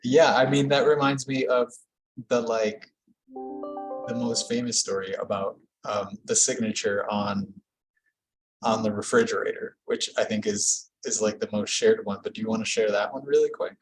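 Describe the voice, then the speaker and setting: A man's voice: fairly low pitch, steady tone, moderate pace, soft background music, rough recording. A man moderating a lecture Q&A, reading out audience questions in a casual, filler-heavy way.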